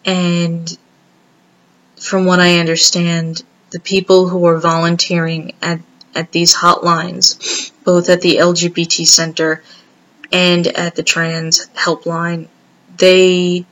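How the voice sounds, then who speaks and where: Slow, gentle woman with a flat, low voice. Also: low-quality recording. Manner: gentle, earnest, halting with many pauses. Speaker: vlogger. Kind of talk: heartfelt direct-to-camera message.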